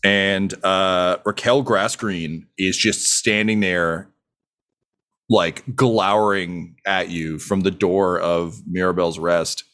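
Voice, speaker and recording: A man's voice: low voice, steady tone, takes it slowly, a bit bright. A young man narrating a tabletop game as game master, rambling with lots of fillers.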